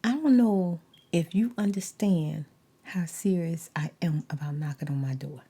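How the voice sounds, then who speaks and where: Soft-spoken storytelling woman with husky voice. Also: lowish voice, a little slow. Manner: animated retelling with frequent whispered asides. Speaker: ASMR storyteller. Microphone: desk USB microphone.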